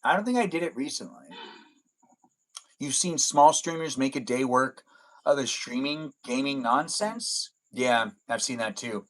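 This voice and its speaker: A man's voice: medium pitch, lively intonation, measured pace, a bit bright, poor audio. Rambling man hosting a live stream. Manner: rambling, repeats his own catchphrases. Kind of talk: casual live stream chat.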